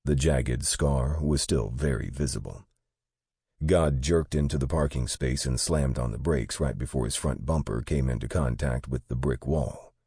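A man narrating an audiobook in a steady, matter-of-fact way. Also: extremely low pitch, normal speed, husky, no room sound, clean studio sound.

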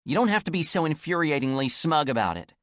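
A man's voice: fairly high pitch, sing-song, quick pace, a bit bright, no echo, clean studio sound, voice pushed up. Man voicing an indignant young woman, snapping. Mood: angry. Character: exasperated young woman, sharp-tongued and desperate. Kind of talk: audiobook character voice.

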